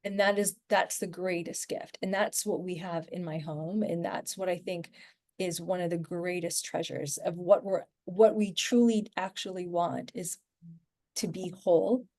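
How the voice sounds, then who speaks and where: A woman's voice: fairly low pitch, fairly even intonation, measured pace, darkish tone. A woman talking as a podcast guest in a casual, rambling way, full of fillers and restarts. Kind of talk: casual conversational podcast chat.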